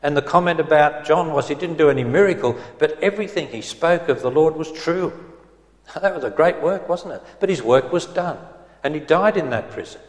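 A man preaching an expository sermon in a gentle, earnest manner, reading scripture aloud in old English. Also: on the high side, animated, brisk. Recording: roomy hall with long reverb.

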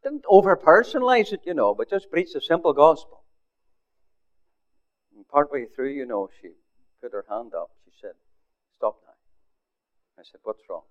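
An older man, a pastor, telling a story in a sermon, often dropping his voice to a near hush for quoted words. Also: a little high, big pitch swings, moderate pace, long pauses. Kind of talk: sermon testimony. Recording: phone-like narrow sound.

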